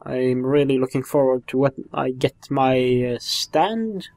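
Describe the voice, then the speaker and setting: A man's voice: mid-range voice, unhurried, darkish tone, no room sound. A man giving casual, chatty commentary while playing a video game. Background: faint game music.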